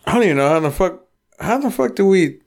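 A man in his thirties with a slightly high voice, swearing freely through a rowdy, casual podcast chat. He tells garage stories and acts out every quote in character. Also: animated, fast, creaky, a little mellow. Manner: profane, rowdy storytelling with acted-out quotes. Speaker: podcast co-host.

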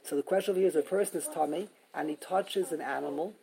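A man's voice: a little high, quick pace, creaky, a crowd in the background, low-quality recording. A man giving a Talmud class lecture, explaining emphatically and repeating himself, mixing Yiddish and Hebrew terms. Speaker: Talmud teacher.

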